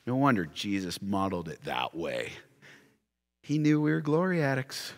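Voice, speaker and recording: A pastor with a lowish voice preaches a sermon at a normal speed, swinging his pitch widely. He delivers an impassioned altar call full of repeated rhetorical questions, with soft music playing in the background.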